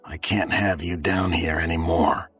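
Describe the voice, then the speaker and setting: Man doing a brutal slave overseer, low menacing whisper, deep, husky, tinny distant sound. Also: steady tone, a little slow, exaggerated voice. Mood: hushed urgent. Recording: tinny phone-like, distant, faint music.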